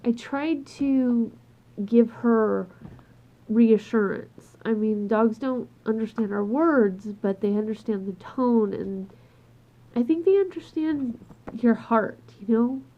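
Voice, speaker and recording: Casting: crying woman vlogger, high husky voice, slow and halting, dull lo-fi home recording. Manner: tearful, upset and heartfelt, trailing off and restarting. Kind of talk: emotional personal vlog. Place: at home with her dog.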